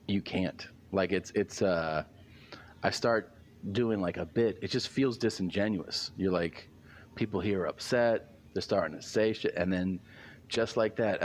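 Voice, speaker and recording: A comedian telling a story in casual chat, rambling and animated. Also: male voice, low voice, a little hiss or hum. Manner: rambling, filler-heavy, animated retelling.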